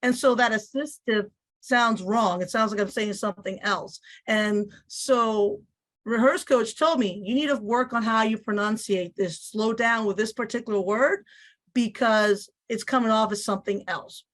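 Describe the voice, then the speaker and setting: A woman teacher with a Spanish accent and a slight lisp, explaining a software tool step by step. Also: on the high side, normal speed. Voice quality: slight lisp on some words. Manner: explanatory, repeats phrases, voices on-screen prompts. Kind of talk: instructional screen-share walkthrough.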